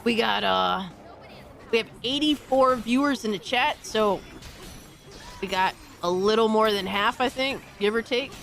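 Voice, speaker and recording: A woman hosting a stream, chatting casually and reacting with excitable, profane trash talk. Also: fairly high pitch, a little slow, vocal fry, soft background music. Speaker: streamer host.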